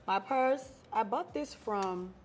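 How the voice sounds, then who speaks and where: A woman's voice: mid-range voice, expressive, takes it slowly, slight background noise. A young woman with a Nigerian accent, a guest content creator, talking candidly and with animation about her outfit in a clothing store. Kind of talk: casual fashion interview.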